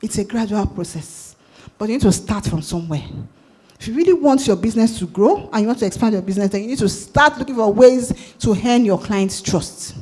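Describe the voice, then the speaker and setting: A woman with a Nigerian accent giving a sales talk at a conference, lively and asking the audience questions. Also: medium pitch, a little fast, husky. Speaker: conference speaker. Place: conference hall.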